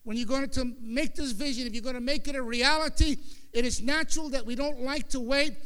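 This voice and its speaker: A male pastor preaching a sermon in an emphatic style, sometimes rising into shouts. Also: very high-pitched, steady tone, fairly quick, clear, resonant tone.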